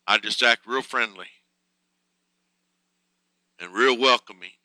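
A man's voice: medium pitch, slow, bright, forceful tone, no echo, rough recording. A man preaching a conversational sermon in a folksy, plain-spoken way, chuckling between thoughts.

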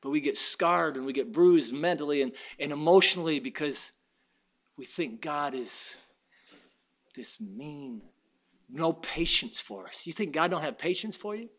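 Fervent high-voiced man preaching. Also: expressive, a little slow, fairly bright tone. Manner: fervent, folksy preaching with personal stories. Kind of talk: sermon.

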